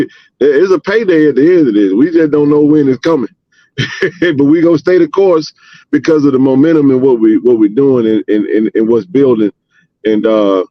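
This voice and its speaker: A man hosting a live sports chat stream, talking casually and repeating points slowly so the audience catches them. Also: mid-range voice, no echo, highs cut off.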